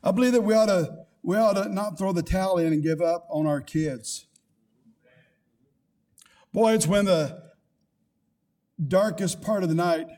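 High-voiced older male pastor preaching. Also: mellow. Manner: preaching with rising emphasis and scripture quotes. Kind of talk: sermon.

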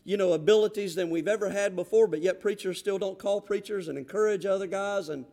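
High-voiced Southern preacher man. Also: fairly quick. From Florida panhandle. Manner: fervent, repetitive restarts, rising to loud exhortation. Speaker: pastor. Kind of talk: sermon.

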